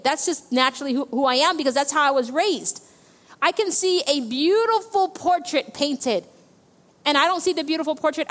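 A woman's voice: sits high, fairly bright tone, long reverb tail. A woman pastor preaching a sermon, often checking in with the congregation with "okay" and "amen.". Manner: preaching with frequent "okay" and "amen" call-outs.

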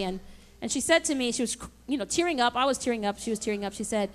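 Woman pastor with a high voice, preaching emphatically with call-and-response. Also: smooth. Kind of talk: sermon.

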